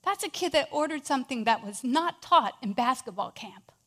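A woman with a high voice telling an inspirational story in a sermon. She is animated and swings between hushed moments and loud ones. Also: normal speed. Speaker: speaker.

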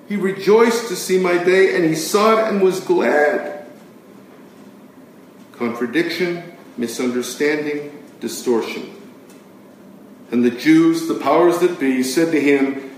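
A man preaching a sermon with emphatic delivery, swinging between loud declarations and hushed words. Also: a little high, a little slow. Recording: very echoey room, distant mic, faint noise.

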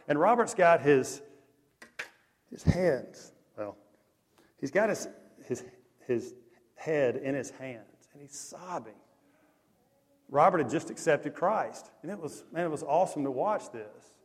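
A man preaching a sermon, telling stories in a lively, conversational way. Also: on the high side. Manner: animated, conversational storytelling with lively swings in loudness. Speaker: pastor. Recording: long echo of a large hall.

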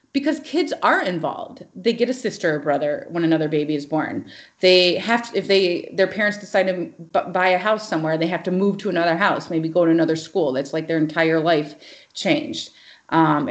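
A woman co-hosting a podcast, chatting casually and retelling an episode in an animated, opinionated way. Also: on the low side. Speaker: podcast co-host. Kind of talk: casual chat.

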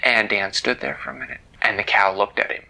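Gravelly playful bedtime storyteller, man. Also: fairly low pitch, fairly quick, rough recording. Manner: gentle and playful, drops to hushed whispers.

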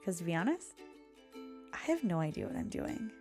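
A woman's voice: on the low side, big pitch swings, fairly quick, darkish tone, soft background music. A young woman hosting a podcast in a casual, rambling chat, often laughing as she talks. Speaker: podcast host.

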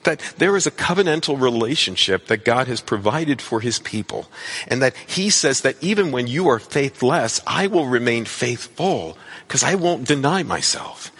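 A man's voice: mid-range voice, a bit bright, breathy edge. A man preaching a sermon as a pastor, earnest and repeating phrases for emphasis.

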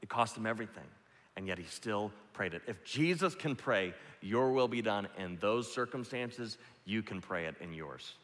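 A man preaching a sermon, moving between loud, impassioned peaks and quiet, hushed passages. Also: fairly low pitch, animated, normal speed. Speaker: pastor. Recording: long reverb of a large hall.

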